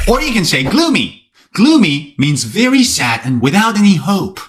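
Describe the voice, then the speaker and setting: A man teaching an English vocabulary lesson to camera, lively and playful, with joking asides. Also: high voice, normal speed.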